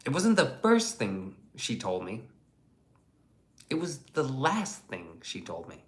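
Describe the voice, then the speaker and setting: A man's voice: medium pitch, huge pitch swings, slow. A man hosting a casual livestream and reading the chat aloud, in a blunt, profane and rambling way.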